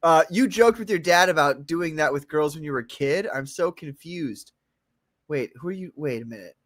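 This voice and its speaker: A man with a fairly high voice riffs through a comedic talk show, cursing freely and swinging between shouting bursts and muttered side remarks. The sound is dry and close, with no room around it. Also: lively intonation, normal speed, no room sound. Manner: joking, swings from loud outbursts to mumbling asides; profane. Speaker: podcast co-host. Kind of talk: casual comedic chat.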